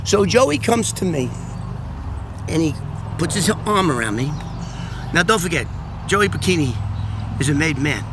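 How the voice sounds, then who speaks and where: Animated older man telling a story. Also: on the high side, a little slow, long pauses, noisy background. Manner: animated, repeats words while telling the story. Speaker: storyteller on his own channel. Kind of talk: casual first-person storytelling.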